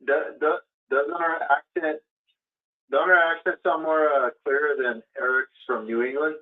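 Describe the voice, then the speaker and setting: A man's voice: fairly high pitch, fairly even intonation, normal speed. A man from Southern California talking as a caller on a call-in show, rambling and often restarting his sentences. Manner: rambling, hesitant, repeats himself. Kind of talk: casual call-in chat. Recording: phone-like call audio.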